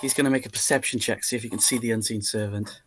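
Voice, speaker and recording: A man's voice: fairly low pitch, fast, slightly rough. Laid-back male game master. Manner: relaxed, rambling narration with fillers. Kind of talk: narrating a tabletop game.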